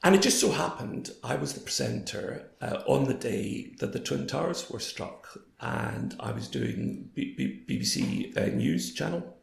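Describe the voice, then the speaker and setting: A man in his fifties, hoarse, telling stories as an interview guest. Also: mid-range voice, measured pace, hardly any pauses. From Scotland. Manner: anecdotal, quoting others in lively voices. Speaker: guest, former broadcaster. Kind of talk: storytelling in a casual interview. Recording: roomy echo.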